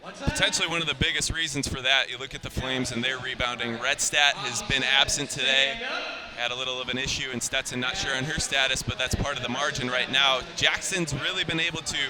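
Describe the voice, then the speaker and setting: A man calling a women's basketball game as play-by-play announcer, with an upbeat, brisk broadcast delivery. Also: mid-range voice, fairly even intonation, crowd noise. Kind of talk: sports commentary.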